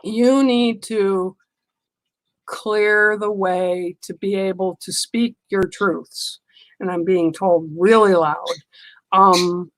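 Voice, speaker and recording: A woman giving a casual live psychic card reading, unhurried, with frequent ums and restarts. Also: medium pitch, fairly bright tone, no echo, rough recording. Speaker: psychic reader on a livestream.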